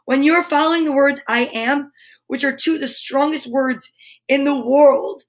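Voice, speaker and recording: Upbeat woman host of a live kids' story hour. High voice, encouraging, leads chants and reads aloud. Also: moderate pace. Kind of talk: live children's storytime with affirmations and read-aloud. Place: home studio for a live stream.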